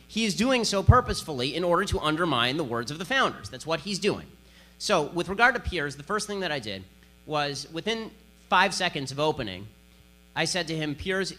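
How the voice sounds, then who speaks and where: A man's voice: fairly high pitch, pushed and bright. A man giving a combative political speech to an audience, sarcastic and emphatic. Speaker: conservative speaker.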